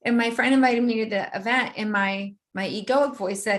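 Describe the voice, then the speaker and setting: A woman guest in an interview, telling a personal story in a vivid, animated way and often laughing. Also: mid-range voice, moderate pace.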